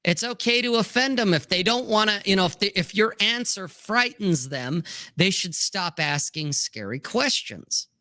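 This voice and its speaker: A man talks bluntly and swears freely in a casual podcast chat, often acting out both sides of a back-and-forth. His voice is bright and forceful, sitting a little higher than most men's. The sound is dry and close, with no room echo. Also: lively intonation, moderate pace. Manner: blunt, profane, acts out both sides of exchanges.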